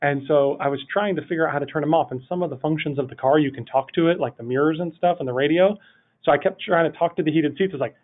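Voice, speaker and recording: A man, a guest on a podcast, telling a funny anecdote in an animated, rambling way full of "like". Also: fairly high pitch, quick pace. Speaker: podcast guest, city project manager. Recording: tinny phone-line audio.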